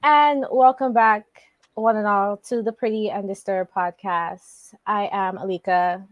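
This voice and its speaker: A woman's voice: mid-range voice, steady tone, measured pace, no room sound, dull audio. A woman co-hosting a podcast, recapping a wrestling show in a loose, rambling way with lots of fillers and slang. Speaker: podcast co-host. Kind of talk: casual wrestling chat.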